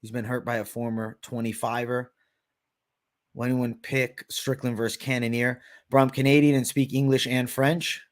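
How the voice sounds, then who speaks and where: A man's voice: mid-range voice, level tone, moderate pace. A man hosting a live stream, chatting casually in a brash, profane way, peppering his talk with "bro" as he answers viewer questions. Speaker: host of a live betting show.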